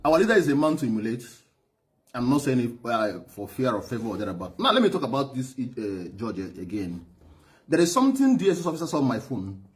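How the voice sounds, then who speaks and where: A man's voice: mid-range voice, sing-song, fast. A middle-aged Nigerian man with a Nigerian accent giving an emphatic, repetitive personal testimony as a former driver and aide. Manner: emphatic, repetitive, laughs heavily and stammers.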